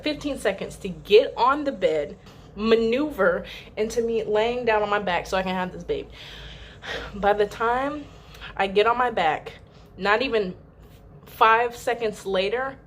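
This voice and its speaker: A woman's voice: mid-range voice, slight background noise. Chatty young woman telling a story. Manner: chatty, with frequent "like" fillers; emphatic and dramatic in the retelling. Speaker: channel host. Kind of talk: casual storytelling to camera.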